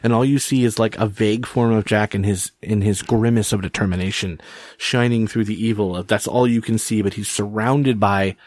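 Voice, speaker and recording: A middle-aged man chatting on a podcast, musing and animated, taking off on tangents. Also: lowish voice, normal speed, no room sound, studio quality. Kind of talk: casual chat.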